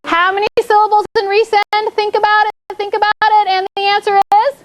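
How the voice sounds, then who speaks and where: Very high-voiced woman teaching a class. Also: flat delivery, brisk, dull audio, slight background noise. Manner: repetitive call-and-response prompting. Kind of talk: classroom instruction.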